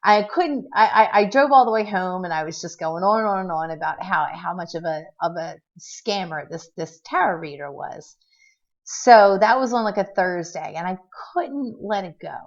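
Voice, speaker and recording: A woman's voice: on the low side, normal speed. A middle-aged woman telling a personal story in a casual vlog, rambling with restarts and fillers and acting out what people said. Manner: tends to act out quotes in a lively way. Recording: dull lo-fi recording.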